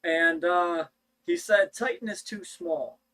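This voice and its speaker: A young man hosting a casual livestream, talking in halting bursts with frequent restarts. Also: high-pitched, a bit bright. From United States. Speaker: livestream host.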